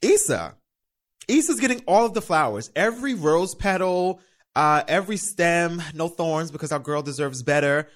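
A young man hosting a solo podcast, talking in a loose, animated way. His voice climbs and dips a great deal as he chats, and he swears freely. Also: fairly high pitch, moderate pace. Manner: animated, chatty, swears freely, quotes himself in little voices. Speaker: podcast host. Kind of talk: casual solo podcast chat.

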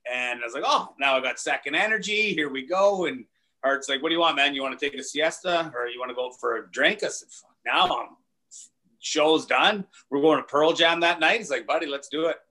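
A man, a comedian, telling casual, profane anecdotes with laughs in a relaxed chat. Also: on the high side, a little fast. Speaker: comedian guest.

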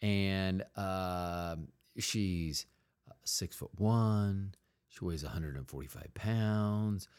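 A man with a fairly low voice hosts a podcast on his own from home. He rambles in a jokey way, often breaking off and restarting his sentences. The sound is dry and close, with no room in it. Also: drawn-out words, darkish tone, clear, resonant tone, no echo. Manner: rambling, self-interrupting, jokey. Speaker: podcast host. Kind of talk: casual comedic monologue.

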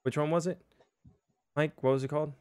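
A man's voice: on the high side, fairly even intonation, brisk, a little mellow. A young man hosting a casual livestream, chatty and self-deprecating, with lots of fillers. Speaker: livestream host.

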